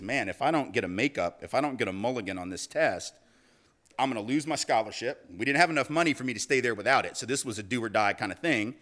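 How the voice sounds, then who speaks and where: A man giving a storytelling speech, lively and acting out the voices of people in his anecdotes. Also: mid-range voice. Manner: animated, acts out quoted voices. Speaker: public speaker.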